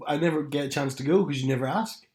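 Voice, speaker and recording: A man's voice: a little high, quick pace, a little mellow. Dry, teasing young Englishman. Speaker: podcast co-host. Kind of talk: casual chat.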